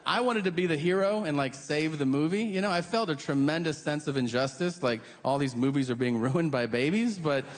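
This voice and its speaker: A man doing stand-up storytelling, profane and animated, slipping into voices for quotes, on a theater stage mic. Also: fairly high pitch, a little fast, hardly any pauses. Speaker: stand-up comedian. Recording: roomy live theater with audience ambience.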